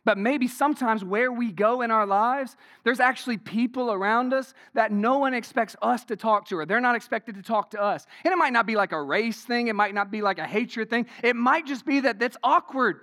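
High-voiced man preaching a sermon. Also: moderate pace, hardly any pauses, pushed and bright. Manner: conversational, keeps asking rhetorical questions and tags "right?"; says "y'all".

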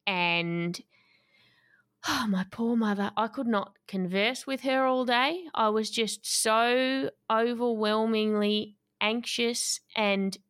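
A woman, a guest telling a personal story in an interview, lively and laughing often. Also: a little high, slow pace, smooth, no echo, clean studio sound.

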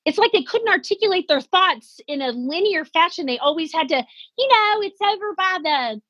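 A woman in her forties telling comic stories about aging, animated and self-deprecating, acting out little quotes. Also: very high voice, moderate pace, no room sound, lo-fi sound. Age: 40s. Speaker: comedian guest. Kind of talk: comedic storytelling in conversation.

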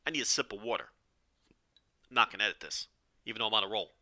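A man hosting a solo podcast, giving opinionated commentary in a rambling style with restarts and "okay?" asides, his voice strained and going hoarse. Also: on the low side, quick pace, sharp tone. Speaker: podcast host.

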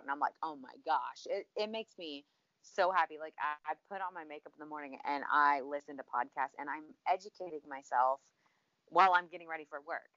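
Gushy low-voiced woman host, dry dull sound. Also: fairly bright tone, dry recording. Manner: enthusiastic, gushing. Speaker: podcast co-host. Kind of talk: casual podcast chat.

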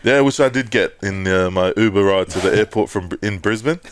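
A man from the Pacific Islands co-hosting a podcast, telling stories in casual chat, swearing and mimicking people in a raised voice. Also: brisk. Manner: storytelling, swears, mimics others in high voices. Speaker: podcast co-host.

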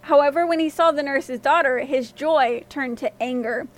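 A woman with a high voice narrates a fairy tale for a podcast. Her reading is expressive and lively, moving the story along. It is scripted storytelling narration. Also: moderate pace.

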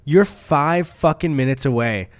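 Young male podcast co-host, incredulous banter, somewhat high voice. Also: a little slow. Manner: reactive, agreeing, incredulous banter. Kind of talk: casual chat.

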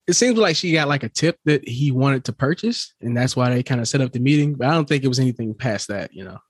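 Husky man trading dry quips. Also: mid-range voice, lively intonation, fast. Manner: short dry replies and quips. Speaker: podcast co-host. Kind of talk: casual recap chat.

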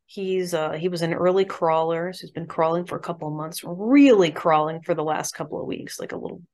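A young woman with a slightly low voice talks casually and upbeat as a podcast guest. She rambles a little, with fillers and quick asides. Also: a little mellow. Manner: chatty, upbeat, many fillers. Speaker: party chair, guest.

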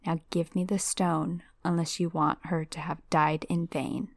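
A woman voicing a sinister disembodied male dark wizard in a hissing whispered role-play, reading a storybook aloud. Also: sits low, flat delivery, unhurried, creaky, dry recording, studio quality, heavily acted. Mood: menacing.

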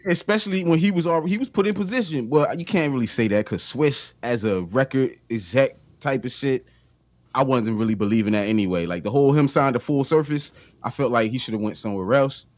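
A man's voice: medium pitch, expressive, fairly quick, darkish tone. A man co-hosting a casual podcast, talking loosely in slang with lots of "you know what I'm saying". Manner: loose slangy talk with frequent fillers. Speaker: podcast co-host. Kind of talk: casual chat.

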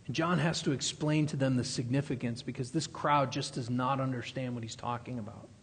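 A man's voice: medium pitch, fairly even intonation, brisk, slightly rough. A man preaching an expository sermon, emphatic, repeating key phrases and building intensity. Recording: long reverb of a large hall.

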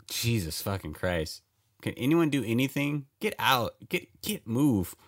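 A man's voice: medium pitch, big pitch swings, measured pace. A man giving casual reaction commentary to a movie, talking back to the screen, laughing often and swearing.

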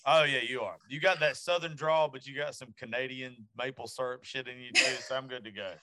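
A man's voice: medium pitch, fairly quick, slight background noise. A man hosting a podcast, telling blunt, profane stories about his daughter in a casual chat. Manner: profane, animated storyteller. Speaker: podcast host.

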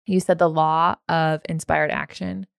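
A woman with a fairly low voice hosts a podcast in a chatty, casual way. Her speech is full of "like". The recording is dry and close. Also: level tone, measured pace, creaky, clear, resonant tone, no room sound. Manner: chatty, peppered with "like" and laughs.

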